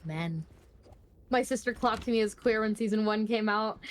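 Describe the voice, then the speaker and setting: A woman's voice: medium pitch, moderate pace. A woman joining a game stream, chatting casually with teasing, playful banter. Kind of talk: casual chat while gaming.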